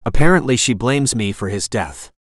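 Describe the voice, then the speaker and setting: A frightened young widow pleads and reasons in an earnest storybook voice, as a male narrator puts her on. The delivery sits at a middle pitch and sounds dry and close, with no room around it. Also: lively intonation, normal speed, dry recording, natural voice. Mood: worried.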